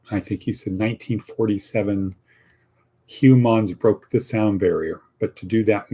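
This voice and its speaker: A man's voice: on the low side, dark tone. A man hosting a casual motivational podcast, talking in a rambling, folksy way and repeating his phrases. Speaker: podcast host.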